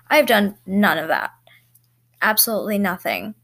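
A teenage girl talks into a home microphone, hosting a solo podcast. Her voice sits a little high, and she rambles through casual chat full of fillers and quick laughs. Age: teens. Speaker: podcast host. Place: bedroom at home.

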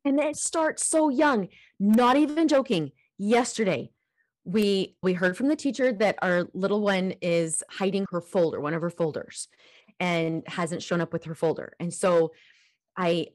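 A woman co-hosting a casual podcast, telling stories in an animated, emphatic way. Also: fairly low pitch, no echo, clean studio sound. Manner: animated storyteller, emphatic, emotional. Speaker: podcast co-host.

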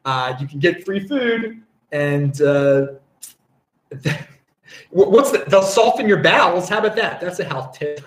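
A man hosts a loose livestream, rambling and chuckling as he reacts to viewer comments. His voice sits a bit high and swings widely in pitch, and he restarts sentences often. The room around him is echoey. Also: lively intonation, unhurried. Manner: rambling, chuckling, self-interrupting. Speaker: livestream host. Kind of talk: casual livestream chat, reading viewer comments.

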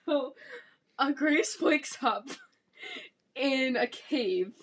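A woman's voice: high-pitched, expressive, extremely slow, slight background noise. A young woman co-hosting a podcast, sarcastically retelling a book with lots of giggling. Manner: sarcastic, giggly, acts out characters in quotes. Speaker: podcast co-host. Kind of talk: casual chat, retelling a book.

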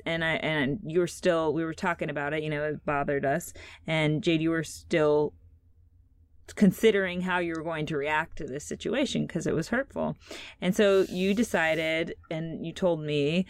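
A low-pitched woman in her thirties hosts a casual podcast chat. She tells her story loosely, with plenty of fillers and restarts. The sound is dry and close. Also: moderate pace, no echo. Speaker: podcast host.

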